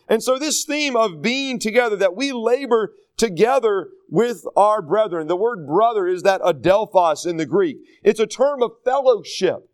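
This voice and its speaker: A man teaching from the Bible in an earnest, plain-spoken way, with frequent fillers and restarts. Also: sits high. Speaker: pastor teaching a Bible study.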